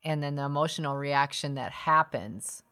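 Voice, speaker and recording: Middle-aged woman podcast co-host, low voice, reflective and chatty, laughs easily. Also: moderate pace, bright, forceful tone. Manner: reflective, laughs often, restarts sentences. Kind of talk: casual conversation.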